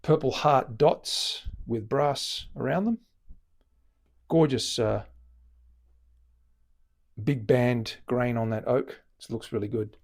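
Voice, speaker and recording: A man's voice: medium pitch, slow, pauses often. A man with an Australian accent, a luthier host chatting casually through a live-stream demonstration in his guitar workshop. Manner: relaxed, chatty, explains while working.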